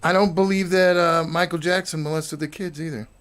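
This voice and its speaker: A man's voice: on the high side, steady tone, brisk, a bit bright, soft background music. A man chatting casually as a guest, blunt and opinionated, swearing casually. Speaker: guest in conversation. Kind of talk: casual chat.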